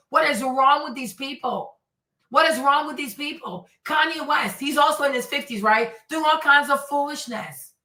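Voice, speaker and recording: A woman's voice: high voice, pushed and bright, echoey room, recorded from a distance, rough recording. A woman hosting a commentary stream, ranting in an indignant, preachy way and repeating herself for emphasis. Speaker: commentary host.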